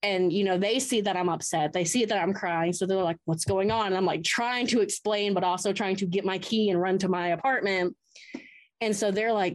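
A woman tells her own ghost story as a podcast guest, with a voice of middling pitch. She talks in an animated way and plays out her past words with feeling. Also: normal speed. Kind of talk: first-person ghost story told in an interview.

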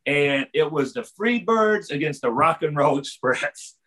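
A man's voice: fairly high pitch, a little slow, rough recording. A middle-aged man telling a story in a casual chat, laughing often and acting out the voices of the people in it. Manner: animated, laughs often, acts out voices in his stories. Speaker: podcast guest, former wrestler.

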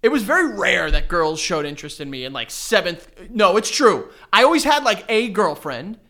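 A man's voice: high-pitched, very animated, normal speed, pushed and bright. A man in his twenties co-hosting a podcast, telling stories loosely with lots of swearing and fillers. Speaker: podcast co-host. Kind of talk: casual chat.

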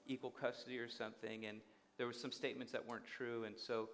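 A man's voice: mid-range voice, little pitch movement, fast talker, fairly bright tone, a little hiss or hum. A man preaching a sermon, telling a personal story and acting out the dialogue. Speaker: guest speaker.

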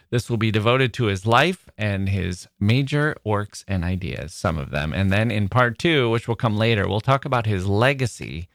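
A man's voice: fairly low pitch, no echo, clean studio sound. A man hosting a conversational literature podcast, telling stories wryly with digressive asides. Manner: wry, digressive storytelling with asides. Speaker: podcast host.

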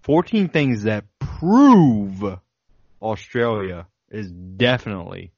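A man's voice: fairly low pitch, very animated, takes it slowly, dry recording, dull audio. A man co-hosting a podcast in casual banter, joking and laughing as he reads from a list. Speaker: podcast co-host.

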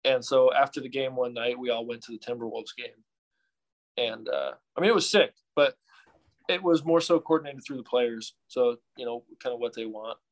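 A young man, a baseball pitcher, chatting casually and acting out other people's voices as he tells stories. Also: normal speed. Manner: animated storyteller, acts out fans' voices. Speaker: professional baseball pitcher guest. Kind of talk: casual podcast chat.

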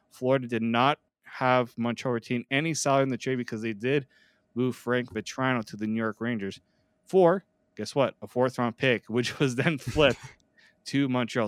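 A man's voice: mid-range voice, clean tone, no echo. Chatty male sports podcast host. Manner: chatty, jokey, self-deprecating. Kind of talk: casual sports podcast chat.

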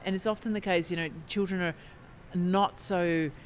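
A woman's voice: fairly low pitch, fairly even intonation, moderate pace, slight background noise. A woman co-hosting a podcast, chatting in a reflective, enthusiastic way with frequent restarts. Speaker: podcast co-host and speaker. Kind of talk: casual chat.

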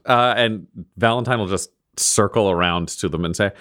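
A man's voice: fairly low pitch, moderate pace, few pauses, fairly bright tone. A man playing a tabletop game, describing his character's actions in casual talk. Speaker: player.

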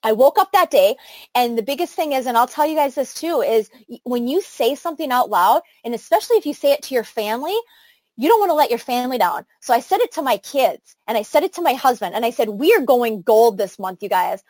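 A woman's voice: high-pitched, expressive, quick pace, a little mellow, dry recording. A middle-aged woman leading a motivational training talk for her sales team, enthusiastic and chatty with many fillers and restarts. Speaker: network marketing team leader.

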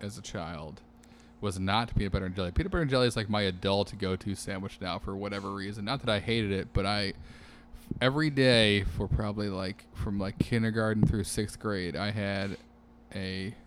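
A man's voice: lowish voice, brisk, a little hiss or hum. A man co-hosting a casual chat, easygoing, agreeing often and swearing casually. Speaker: podcast co-host.

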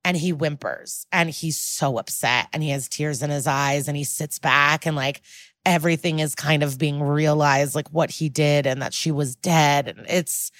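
Podcast co-host, woman, lower register, dry close mic, chatty animated recap style. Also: normal speed, dry recording. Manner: animated retelling with acted quotes and casual swearing; frequent fillers like "like" and "um". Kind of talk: casual episode recap.

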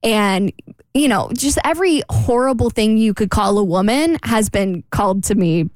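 A woman's voice: medium pitch, expressive, normal speed, a little mellow, dry recording. A young woman co-hosting a radio show, telling a story in a chatty way with many fillers. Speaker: radio co-host. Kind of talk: casual radio chat. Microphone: studio microphone.

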